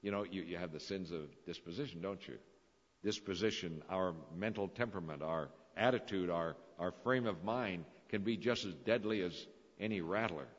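A man's voice: low-pitched, normal speed. A man preaching a sermon, telling stories with dramatic, swelling emphasis. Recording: dull lo-fi recording in a reverberant hall.

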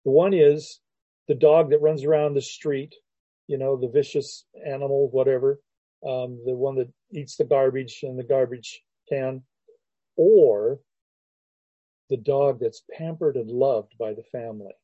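A male pastor preaching slowly, taking his time over each verse. His voice is very dark and mellow with a husky edge. The recording sounds dull and lo-fi. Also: medium pitch, fairly even intonation, no room sound. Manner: unhurried and reflective, with frequent restarts and soft laughs. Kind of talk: sermon, teaching verse by verse.

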